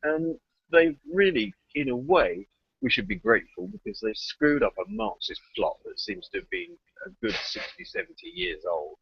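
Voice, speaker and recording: A man's voice: fairly high pitch, sing-song, normal speed, creaky, breathy edge, no room sound, muffled recording. A man talking bluntly and with plenty of swearing in a casual online discussion.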